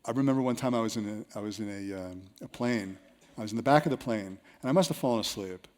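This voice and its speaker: A man presenting a seminar to a live audience. He tells self-mocking stories with lively energy. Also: lowish voice, fast. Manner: storytelling, animated, with self-mocking anecdotes.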